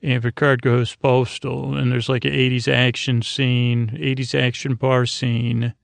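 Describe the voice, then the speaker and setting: Sleep-podcast host, man, gravelly and monotone, rambling. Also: mid-range voice, no room sound. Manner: meandering, halting, many fillers. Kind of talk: sleepy bedtime episode recap.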